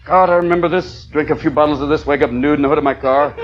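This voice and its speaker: A male stand-up comedian doing a manic, rapid-fire improvised routine, jumping into voices and shouts on a club stage. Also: a little high, fairly even intonation, highs cut off. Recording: loud crowd laughter, noisy live room. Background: audience laughing.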